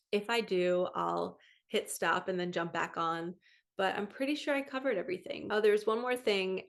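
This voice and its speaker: A woman in her thirties speaks casually to her viewers as a spiritual coach, her pitch sitting in an ordinary middle range. She tells her story in an earnest, chatty way and acts out the voices of the people she quotes. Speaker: spiritual coach and psychic medium. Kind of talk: casual monologue to camera.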